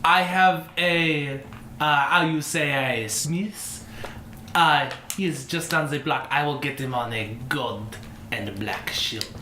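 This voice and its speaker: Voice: medium pitch, slow, reverberant, noisy background, voice pushed down, natural voice. A game master putting on a fussy, flirty male French tailor with a showy fake French accent. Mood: theatrical.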